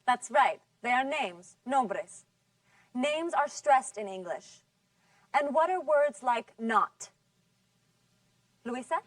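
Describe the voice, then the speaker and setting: A woman's voice: sits high, animated, dry recording, distant mic. Patient woman teacher drilling words. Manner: patient, drawn-out model words. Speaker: English teacher. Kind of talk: scripted classroom lesson.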